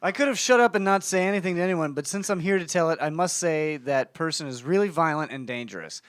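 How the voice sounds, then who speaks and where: A man's voice: fairly high pitch, fast talker. A man co-hosting a comedy podcast, reading news stories aloud and cracking jokes between the lines. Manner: reads news stories aloud with jokey asides. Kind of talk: casual comedic podcast banter.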